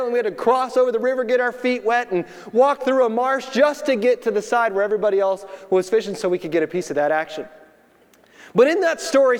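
A man preaching in a church sanctuary with a very high voice, moving from a fishing story into scripture. He talks to the congregation directly and keeps his delivery casual. The sound rings with long reverb from the hall. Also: clear, resonant tone. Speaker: pastor. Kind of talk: sermon.

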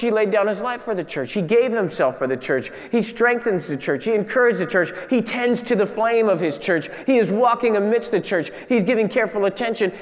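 A man preaching a sermon as pastor, animated and conversational with playful asides. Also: sits high, long reverb tail.

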